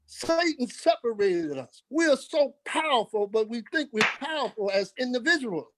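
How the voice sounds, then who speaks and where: A man's voice: very high-pitched, animated, normal speed, background noise. An older man, a podcast guest, telling emphatic stories and acting out the dialogue. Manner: emphatic, acts out quoted dialogue. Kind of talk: storytelling interview.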